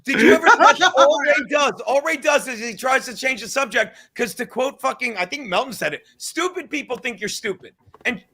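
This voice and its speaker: Middle-aged guy with a high sharp voice, cussing and ranting nonstop on a podcast. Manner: angry, insulting, fast swearing. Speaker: podcast guest. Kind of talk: profane ranting commentary.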